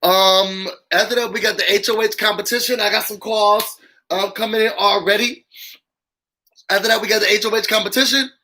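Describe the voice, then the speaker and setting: High, bright-voiced man hosting a live call-in. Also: brisk, a little hiss or hum, low-quality recording. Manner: animated, talks straight to viewers, heavy "y'all" and "um" fillers. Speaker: YouTube show host. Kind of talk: casual live-stream commentary with call-ins.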